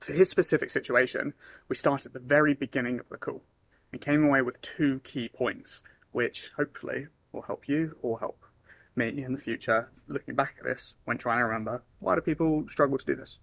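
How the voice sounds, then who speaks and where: A young man giving casual sales advice, now and then acting out phone calls in lively voices. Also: mid-range voice, fairly quick, creaky, no room sound. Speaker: sales trainer. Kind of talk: casual talking-head advice.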